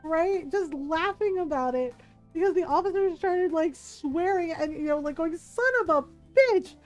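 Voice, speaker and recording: A high-pitched woman streamer chats casually as she plays a video game, telling a long story in a loose, rambling way. She leans on fillers like "like" and "right?" and breaks into laughter often. Faint game music runs quietly underneath her voice. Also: moderate pace. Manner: laughs often while talking. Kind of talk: casual chat while playing a video game.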